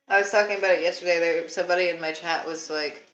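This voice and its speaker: A woman's voice: fairly low pitch, steady tone, fast, fairly bright tone, rough recording. A young woman from Alabama chatting casually on a live stream, laughing often and swearing freely.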